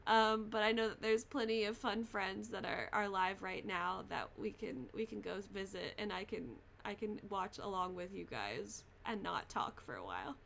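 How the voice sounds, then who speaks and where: A woman's voice: medium pitch, moderate pace, vocal fry, few pauses, a bit bright, slight background noise. A young woman streaming a game, talking casually to her chat in a sick, congested voice, tired and apologetic as she holds back a cough. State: fighting a cough. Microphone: desk mic, no camera.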